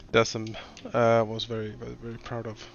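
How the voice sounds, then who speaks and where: Casual gaming co-host, man, bright forceful tone, laughs a lot, on a dull mic. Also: medium pitch, slight background noise. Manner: laughs often, halting restarts. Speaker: let's play co-host.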